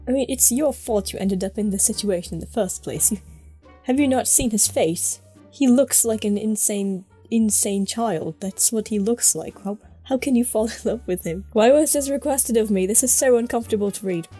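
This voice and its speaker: A woman voicing a haughty young aristocratic boy, reading fanfiction in character with sarcastic, exasperated commentary and a husky voice. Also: on the high side, moderate pace, dark tone, soft background music.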